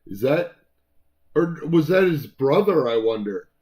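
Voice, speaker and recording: A man's voice: fairly high pitch, lively intonation, measured pace, a little mellow. A man co-hosting a casual album review chat, talking in a rambling way with many fillers and restarts.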